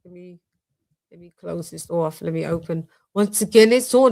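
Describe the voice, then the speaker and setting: A woman's voice: on the low side, normal speed, gravelly, dry recording, faint music behind. A woman hosting a boxing channel's live stream, chatting casually, thanking members and breaking into bits of song. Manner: chatty, sings snatches and shouts out members.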